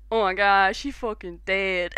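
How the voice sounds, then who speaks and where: A young British woman streaming a video game, giggling often and swearing in animated, casual commentary at a close mic. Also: medium pitch, smooth, dry recording.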